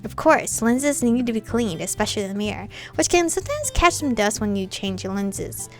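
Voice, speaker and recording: A woman's voice: on the high side, sing-song, normal speed, faint music behind. A woman voicing a cheerful young woman photographer, friendly and chatty, in a romance game.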